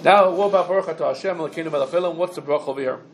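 High-voiced man teaching a halacha class. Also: racing, slight background noise. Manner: explains rulings step by step, quotes sources, asks questions. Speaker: Torah teacher.

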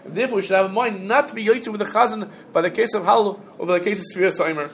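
Man, teaching halacha, quotes sources, high voice. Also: racing, a little hiss or hum. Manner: explains rulings step by step, quotes sources, asks questions. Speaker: Torah teacher. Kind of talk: halacha class.

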